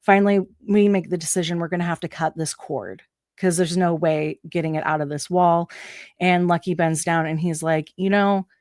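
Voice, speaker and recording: An American woman with a fairly low voice tells a wild work story in casual talk. She swears freely and leaps up in pitch whenever she acts out what someone said. The sound is dry and close. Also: normal speed, dry recording. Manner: animated, profane, acts out quotes with big pitch jumps. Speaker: guest.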